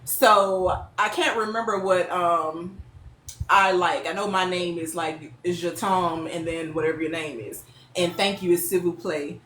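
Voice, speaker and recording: A woman, telling stories as a guest in a casual interview, lively and quick to laugh. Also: on the low side, slight background noise. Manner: lively, laughing, chatty storyteller. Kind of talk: casual storytelling. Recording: echoey room with faint ambience.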